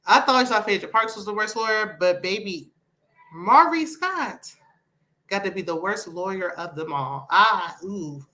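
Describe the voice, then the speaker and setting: Sassy bright-voiced woman. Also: medium pitch, lively intonation, measured pace. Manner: sassy, opinionated, talks back at the screen. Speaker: reality show reviewer. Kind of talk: casual commentary.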